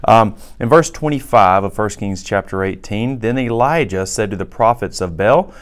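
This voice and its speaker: Low-voiced male pastor giving a sermon. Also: expressive, moderate pace. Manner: conversational, explains as he reads scripture aloud. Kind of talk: recorded sermon teaching.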